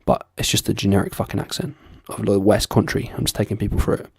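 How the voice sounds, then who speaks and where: A man's voice: lowish voice, quick pace, creaky, darkish tone, breathy edge, no echo, studio quality. A young man casually explaining accents in a breezy tone, with the odd swear word.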